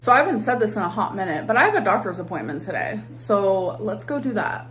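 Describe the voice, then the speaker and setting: A woman's voice: mid-range voice, big pitch swings, fast, fairly bright tone, slight background noise. A woman talking casually in a vlog, ending her phrases with a rising upward inflection. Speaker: vlogger.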